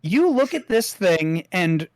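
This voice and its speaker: A game master running a tabletop role-playing game, describing scenes in a slow, meandering way. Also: medium pitch, big pitch swings, darkish tone, dry recording, studio quality.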